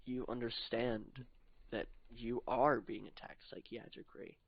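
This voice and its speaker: A young man improvising a spoken story in the second person, slow and hushed, sometimes dropping to a murmur. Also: mid-range voice, steady tone, creaky, no room sound. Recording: dull dry lo-fi recording.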